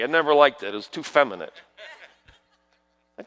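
High, lively New preacher man. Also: a little fast. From New York. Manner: dramatic swings between hushed asides and loud proclamations; peppers talk with rhetorical questions to the congregation. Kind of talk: sermon.

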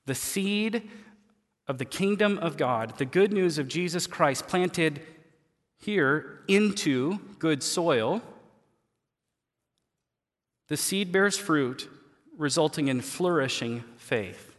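A man preaching a sermon as pastor, folksy and colloquial, moving between quiet asides and loud emphatic lines. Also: fairly high pitch, expressive, slow, long pauses. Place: church sanctuary. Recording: long hall reverb.

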